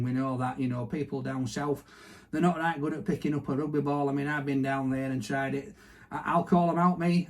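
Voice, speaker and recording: A man's voice: medium pitch, darkish tone. A man with a broad Barnsley Yorkshire accent, co-hosting a casual chat about sport. He talks in a chatty, self-mocking way, restarting his sentences as he goes. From Yorkshire, England. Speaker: podcast co-host.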